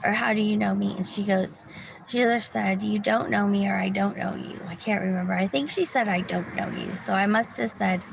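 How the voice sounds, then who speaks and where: Sitting in her car in a parking lot, a vlogger tells her viewers a rambling story in a medium-pitched, creaky voice, talking fairly quickly over background noise. She often restarts her sentences and sometimes drops to a whisper.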